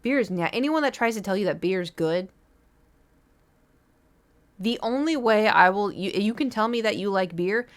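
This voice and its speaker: A young woman chats casually on her live stream. She tells long, rambling stories, full of fillers and restarts, in an everyday voice of middle pitch. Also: normal speed, pauses often. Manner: rambling storytelling with lots of fillers.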